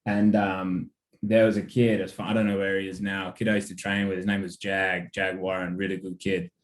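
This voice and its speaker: A man's voice: sits low, little pitch movement, brisk, reverberant. Casual Australian man telling stories. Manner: loose and casual, heavy on fillers and swearing. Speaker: sports manager, podcast guest. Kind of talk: casual interview storytelling.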